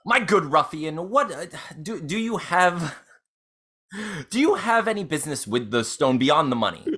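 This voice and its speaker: A player voicing a haughty, corrupt noblewoman with theatrical, lively speech. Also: medium pitch, moderate pace.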